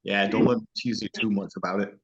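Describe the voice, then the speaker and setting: A man's voice: on the low side, fairly even intonation, fast. A man chatting casually as interviewer, swearing often and laughing easily. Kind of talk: casual chat. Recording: dull lo-fi recording.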